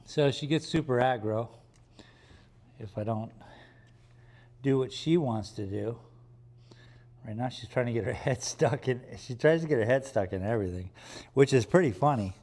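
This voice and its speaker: A man on a live stream, talking softly and soothingly to his puppy, hushing her and explaining how he calms her down. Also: medium pitch, normal speed, pauses often. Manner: soft, soothing talk to a puppy, hushing and praising. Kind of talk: casual live-stream chat. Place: art gallery workspace.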